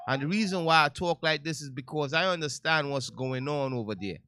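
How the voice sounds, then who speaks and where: Bright-voiced, heated male talk-radio host. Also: on the high side, fairly quick. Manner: loud, heated and preachy, with slangy asides. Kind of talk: casual talk-radio commentary.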